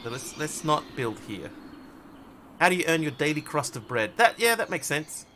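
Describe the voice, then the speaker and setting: A man with a bright, forceful voice talks casually through a game stream, rambling from one joke to the next and answering his chat as he goes. A faint hiss of noise sits under his voice. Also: a little high, sing-song, moderate pace. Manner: rambling, jokey, chatty with viewers. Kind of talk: casual live-stream chat while playing.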